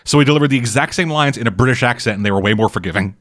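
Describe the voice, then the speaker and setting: A man's voice: mid-range voice, very fast, no echo, studio quality. A man casually recapping a TV show for a podcast, swearing often and rambling through asides. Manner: profane, rambling storyteller. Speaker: podcast co-host.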